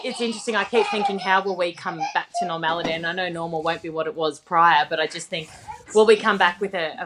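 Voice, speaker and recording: A woman's voice: lowish voice, fairly bright tone. Australian woman, thirties, chatty, laughs a lot, noisy line. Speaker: podcast guest. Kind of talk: casual chat.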